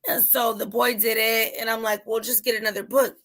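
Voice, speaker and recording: A mother in casual chat, telling an animated story and acting out her son's voice. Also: a little high, brisk.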